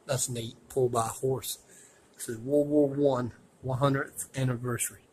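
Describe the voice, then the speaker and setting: A man narrating casually as he films his walk through a museum, rambling and folksy and quick to complain. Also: medium pitch, steady tone, darkish tone, a little hiss or hum, rough recording. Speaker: vlogger touring a museum. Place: indoor museum.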